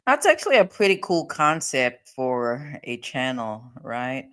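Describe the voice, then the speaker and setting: A woman's voice: extremely low pitch, sing-song, a little slow, a bit bright. A woman chatting casually with viewers on a livestream, laughing often, her voice tired. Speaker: livestream host.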